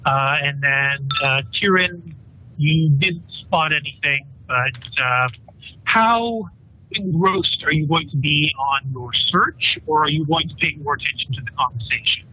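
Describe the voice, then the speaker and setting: A man's voice: on the high side, measured pace, a little hiss or hum. A man running a tabletop game as game master, narrating in a loose, chatty way over a tinny voice-chat line.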